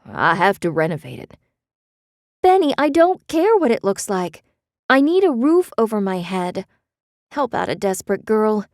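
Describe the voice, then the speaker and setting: A woman's voice: sing-song, a little slow, a little mellow, dry recording, studio quality. A woman voicing a desperate, impulsive young woman in an audiobook, urgent and emphatic. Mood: pleading. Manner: rising pitch, urgent and emphatic. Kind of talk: audiobook character reading.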